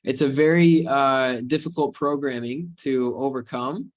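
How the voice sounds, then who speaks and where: A man's voice: mid-range voice, measured pace. A man from the United States hosting a live webinar Q&A as a trading coach, talking casually and rambling into spiritual motivational ideas.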